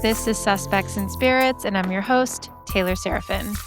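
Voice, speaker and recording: Over music, a young podcast host talks in a mid-range voice at a moderate pace. Her casual chat is gushing and full of free swearing, and her voice sounds a little scratchy today.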